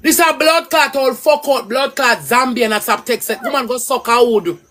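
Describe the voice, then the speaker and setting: Woman, Jamaican accent, livestream rant, angry, cursing, somewhat high voice. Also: normal speed. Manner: angry, cursing, loud and swooping.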